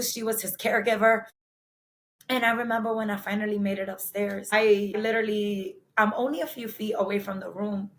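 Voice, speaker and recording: A woman guest recounting a painful personal story in a halting, somber way, often pausing on filler words. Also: medium pitch. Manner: somber, emotional retelling. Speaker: podcast guest.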